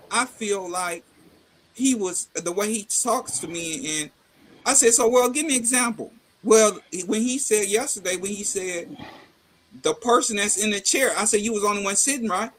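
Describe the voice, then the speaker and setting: A middle-aged man chatting casually, telling a family story with lively acted-out dialogue and salty slang. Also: high voice, normal speed. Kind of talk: casual chat.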